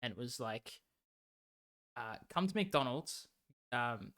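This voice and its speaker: A man's voice: medium pitch, animated, slow, fairly bright tone. A man, co-hosting a casual podcast chat and telling stories with laughter and plenty of swearing. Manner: laughing storyteller, swears freely. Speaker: podcast co-host.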